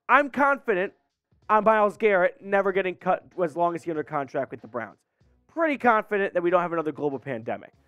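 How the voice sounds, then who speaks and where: A man's voice: sits high, dry recording. Congested man hosting sports news. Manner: conversational, explains with asides and questions. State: congested from a cold. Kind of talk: casual sports news commentary.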